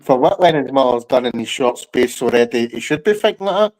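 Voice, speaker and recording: A Scottish man talks football in a casual podcast chat. He speaks quickly at a middle pitch, with an easygoing conversational flow. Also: animated, a little mellow.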